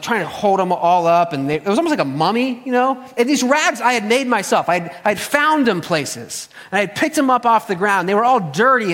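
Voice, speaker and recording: A man preaches in a large reverberant room, and his high voice rings out with a long hall echo. He is an animated, emphatic storyteller who keeps turning to address his listeners directly. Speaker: pastor. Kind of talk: sermon.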